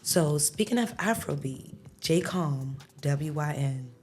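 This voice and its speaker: A woman guesting on a podcast in casual chat about music, telling animated stories with laughs and lots of "like" fillers. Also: low-pitched, slow.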